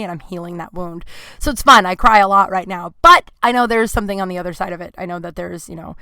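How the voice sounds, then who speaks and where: A woman's voice: lowish voice, creaky, pushed and bright, smooth, no echo. A woman hosting a podcast, speaking in a personal confessional monologue, emotional and at times crying, with many "like" fillers. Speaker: podcast host. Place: closet at home.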